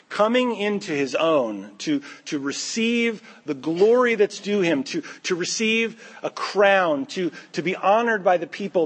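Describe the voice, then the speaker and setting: A male pastor preaching a sermon, an animated storyteller who acts out the voices of the characters. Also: fairly high pitch, slightly rough.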